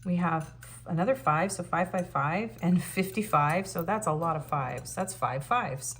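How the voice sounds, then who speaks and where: Woman tarot reader, low voice, casual and musing, faint background hiss. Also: measured pace. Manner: musing, reads out card messages, with frequent ums. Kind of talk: casual pick-a-card tarot reading.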